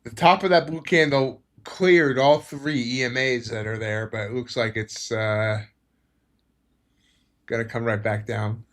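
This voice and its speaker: A man streaming live trades, talking in low-key, half-mumbled asides about the charts as they move. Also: steady tone, a little slow, fairly bright tone. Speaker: trading streamer. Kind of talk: live trading commentary.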